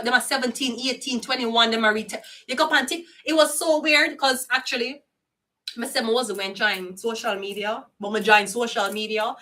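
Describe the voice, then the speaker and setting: Older jamaican lady doing tarot, cussing, bright high voice, kinda far from the mic. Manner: profane, heated, slips into patois. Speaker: tarot reader. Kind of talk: casual ranting monologue. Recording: voice set back from the mic.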